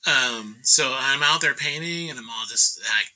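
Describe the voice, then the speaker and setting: A man's voice: medium pitch, unhurried, bright, forceful tone, rough recording. A man in a casual chat, telling stories in a laid-back way, laughing and acting out what people said. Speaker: painter guest.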